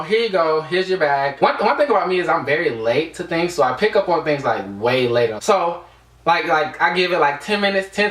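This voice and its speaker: A man's voice: a little high, a bit bright, far from the mic. A young man from the United States telling a casual storytime vlog, rambling with lots of fillers. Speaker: vlogger. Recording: echoey room, away from the mic.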